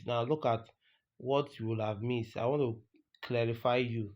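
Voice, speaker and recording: A man's voice: medium pitch, fairly even intonation, normal speed. A man giving a trading lesson over a screen recording. He is emphatic, repeats his points and keeps asking rhetorical questions. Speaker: trading tutor. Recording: dull lo-fi recording with faint noise.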